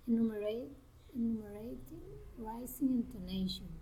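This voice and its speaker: A woman reading a pronunciation exercise aloud, working through word lists and sample sentences with careful, deliberate intonation. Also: fairly high pitch, dark tone, slight background noise, poor audio. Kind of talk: slow, careful reading of drill words and sentences.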